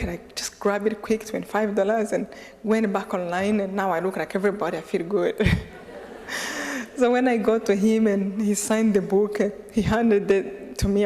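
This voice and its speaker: A woman from Rwanda tells her story to a live audience as a guest speaker, laughing often and playing out both sides of a conversation. Her voice sits at a middle pitch and trails into the long reverb of a lecture hall. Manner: lively, laughing often, acting out dialogue.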